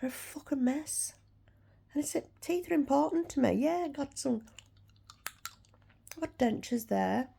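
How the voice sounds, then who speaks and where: A woman's voice: high voice, lively intonation, measured pace, gravelly, pauses often, dark tone. A woman, chatting frankly to camera and ranting about a dentist. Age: 60s. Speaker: vlogger. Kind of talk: casual chat to camera.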